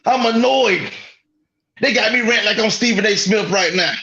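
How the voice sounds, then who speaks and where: A man's voice: high-pitched, moderate pace, pushed and bright, highs cut off. A man co-hosting a sports talk show, ranting in an exasperated, profane way. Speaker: podcast co-host. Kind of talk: heated sports rant.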